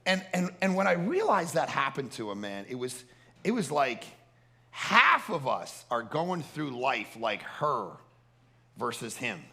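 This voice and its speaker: A man preaching a storytelling sermon at a family camp, animated and prone to repeating words and restarting sentences. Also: mid-range voice, a little slow, vocal fry. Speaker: camp speaker.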